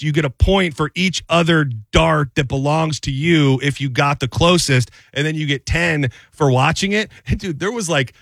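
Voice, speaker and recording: A male radio host with a slightly higher-than-usual voice, recorded close and dry in a studio. He rambles through his stories with plenty of fillers and gets animated as he goes. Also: no echo. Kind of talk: casual on-air banter. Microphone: studio microphone.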